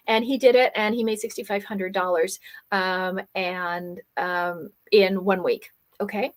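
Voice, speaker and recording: A woman from Germany who speaks English with no accent, hosting a live coaching workshop and pitching her program persuasively, checking in with "okay?" and "right?" all the time. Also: steady tone, moderate pace. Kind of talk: live webinar sales pitch.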